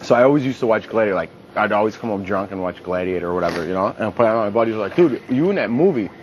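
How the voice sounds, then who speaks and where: A man's voice: on the low side, rapid-fire, lo-fi sound, slight background noise. A young man, a reality show contestant, casually telling profane stories and acting out what people said in a raised voice. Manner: animated, profane, acts out quotes in a raised voice. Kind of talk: casual storytelling.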